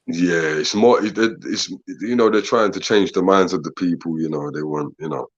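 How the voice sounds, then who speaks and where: A fairly low-voiced man, chatting on a casual podcast. He asks question after question, laughs easily and drops "bro" and "man" throughout. The sound is a bit dull and lo-fi. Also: normal speed. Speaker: podcast co-host. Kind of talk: casual chat.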